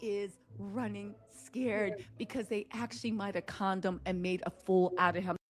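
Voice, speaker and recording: A woman's voice: medium pitch, moderate pace. A woman commenting on celebrity gossip, telling it like a story and acting out the people she quotes. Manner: animated storytelling, acts out quoted voices.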